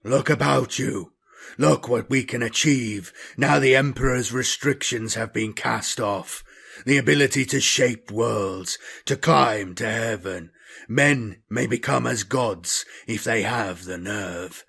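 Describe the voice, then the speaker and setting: A man voicing a corrupted space marine captain, speaking slowly in a measured, low and quiet tone. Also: gravelly, husky, heavily acted. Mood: measured, grave.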